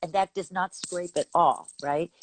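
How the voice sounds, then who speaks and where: A woman's voice: lowish voice, unhurried, heavy background noise. An older woman from Texas, a vocal coach, chatting animatedly in an interview and laughing often as she explains technique. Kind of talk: casual interview chat.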